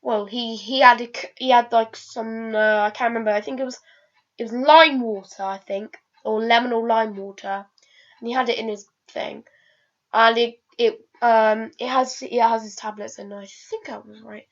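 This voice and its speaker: A woman's voice: fairly high pitch, fairly even intonation, normal speed. A woman vlogging in a casual, rambling way, hesitating and restarting sentences with lots of fillers. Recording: dull lo-fi recording.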